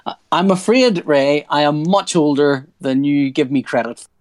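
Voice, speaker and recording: A man's voice: fairly high pitch, normal speed, dry recording. A man in his forties, a comic artist talking casually in an interview, rambling and restarting his sentences with a joking streak. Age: 40s. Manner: rambling, self-interrupting, jokey.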